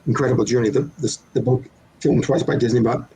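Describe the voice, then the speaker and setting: A man's voice: mid-range voice, steady tone, quick pace, gravelly, dark tone, breathy edge, poor audio. An older man, a children's author being interviewed, explaining his craft in a thoughtful, playful way with examples. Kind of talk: relaxed interview answers.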